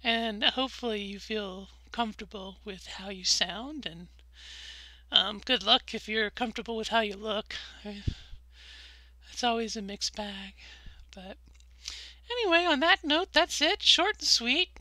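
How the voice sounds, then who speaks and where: A middle-aged woman talks candidly to her camera, rambling a bit with fillers and restarts. Her voice sits a touch high and sounds bright. The recording is close and dry, with no room sound. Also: a little slow, dry recording, rough recording. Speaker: vlogger. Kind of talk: candid personal vlog.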